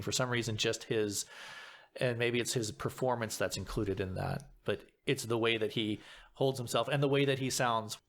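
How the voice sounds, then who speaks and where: Halting, thoughtful man in casual chat. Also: lowish voice. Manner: thoughtful, halting, frequent restarts. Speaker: guest actor.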